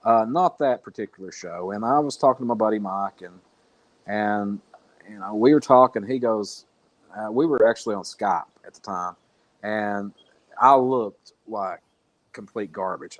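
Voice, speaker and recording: Speaking in a lowish, unhurried voice with no echo, a man tells a long story as a guest on a podcast over a remote call. He's blunt and rambling, with the odd swear word, in a casual storytelling interview.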